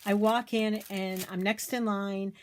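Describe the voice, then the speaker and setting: A middle-aged American woman vlogging from her craft space, telling an animated, indignant story with emphatic repetition. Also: medium pitch, measured pace, a little hiss or hum. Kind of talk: casual ranting story to camera.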